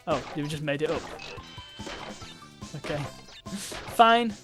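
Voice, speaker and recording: A man's voice: on the high side, lively intonation, slow, music in the background. A man giving chatty, self-mocking commentary while streaming a game.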